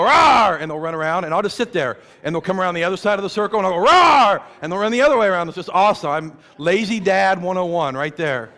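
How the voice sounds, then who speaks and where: Pastor preaching in a reverberant church. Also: male voice, fairly high pitch, a bit bright. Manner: conversational preaching with playful growls and repeated rhetorical questions. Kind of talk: sermon. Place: church sanctuary. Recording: long reverb of a church hall.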